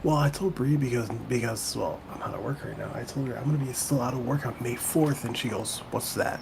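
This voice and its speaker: A man's voice: mid-range voice, fairly quick, vocal fry, background noise. A man joining a gaming livestream as co-host, telling casual anecdotes and acting out the quoted dialogue. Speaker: stream co-host.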